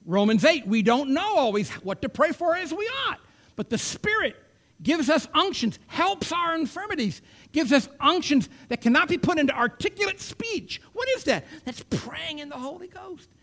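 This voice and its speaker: Speaking at a normal pace, a male preacher's high, energetic voice soars and dips through his sermon. Booming, emphatic statements give way abruptly to quiet whispers.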